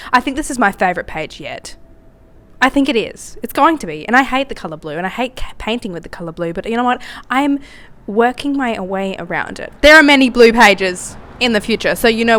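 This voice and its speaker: A woman's voice: medium pitch, a bit bright. A woman artist chatting casually to camera in her art studio, emotional and self-mocking, often drawing out her words. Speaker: artist and vlogger. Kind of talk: casual vlog chat to camera.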